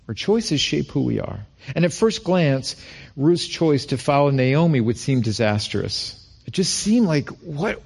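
A middle-aged male pastor from Rochester, New York, preaching a sermon and acting out quoted lines with rising pitch. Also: vocal fry, a little mellow, slightly rough.

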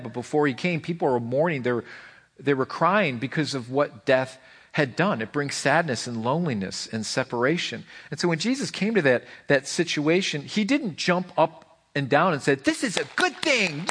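A man's voice: mid-range voice, a bit bright, breathy edge. A man preaching a sermon as pastor, impassioned, with lots of repeated phrases and restarts. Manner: impassioned, repeats phrases, voices God in quotes.

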